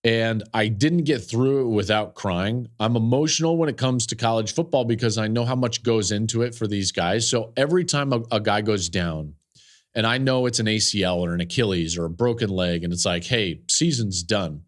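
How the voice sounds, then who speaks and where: A man's voice: fairly low pitch, brisk. Earnest man telling a story. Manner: earnest, emotional storytelling with fillers and repeats. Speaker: podcast host and football analyst. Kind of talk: podcast storytelling.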